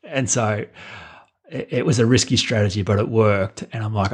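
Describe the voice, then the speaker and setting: This is a man speaking as a guest in an interview, with a fairly low, husky voice. He tells stories with energy and slips into the voices of the people he describes, and he often restarts his sentences. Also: normal speed. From Australia. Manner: animated storyteller acting out dialogue, frequent restarts. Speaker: life coach guest. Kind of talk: conversational interview storytelling.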